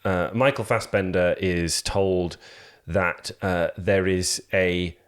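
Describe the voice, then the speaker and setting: A man's voice: low voice, steady tone, slow. A man hosting a podcast, rambling casually with lots of fillers and restarts. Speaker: podcast host. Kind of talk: casual chat.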